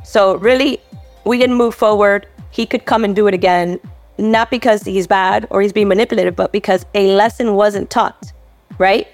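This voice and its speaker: A woman speaking as a parenting expert guest on a podcast, calm and explanatory, repeating her key points. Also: mid-range voice, normal speed, soft background music. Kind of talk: podcast advice talk.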